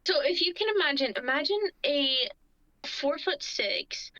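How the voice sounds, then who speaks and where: A high-voiced woman describes her tabletop character in a giggly, rambling, hesitant way. Her voice is close and dry with no room around it. The sound is dull and lo-fi. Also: expressive, unhurried, sharp tone, no echo. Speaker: player.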